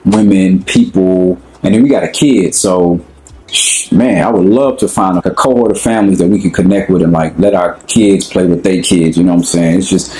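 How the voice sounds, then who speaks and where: A young African American man talks in a relaxed, conversational way, full of slang and asides. His voice sits low. The room around him rings with echo. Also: normal speed. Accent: African American English. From United States. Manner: relaxed, conversational, slangy, often asks "you know what I'm saying". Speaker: interviewee. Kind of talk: casual personal talk.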